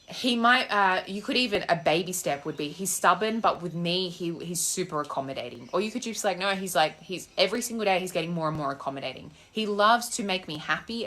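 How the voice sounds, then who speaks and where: A young woman with a fairly low, somewhat bright voice coaches manifestation in a relaxed live chat, replying to comments. She's outdoors on a walk with her phone in hand, sassy and blunt, swearing as she likes.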